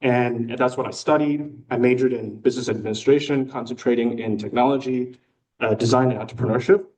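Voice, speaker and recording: A man's voice: medium pitch, darkish tone. A man in his thirties from Hong Kong with an American accent, giving a prepared personal speech to a club with self-deprecating humor and occasional filler words. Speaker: new club member giving a talk. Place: meeting room. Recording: voice picked up from a distance.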